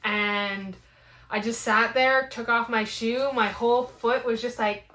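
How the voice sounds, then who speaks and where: A young woman telling a rambling, animated story in a casual vlog, full of "like" fillers. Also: fairly high pitch, measured pace. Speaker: fitness vlogger. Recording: roomy echo.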